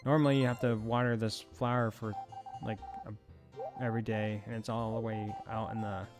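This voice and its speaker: A man's voice: lowish voice, level tone, normal speed, music in the background. A man giving casual commentary as he plays a farming game, rambling with self-amused asides. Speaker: let's play host.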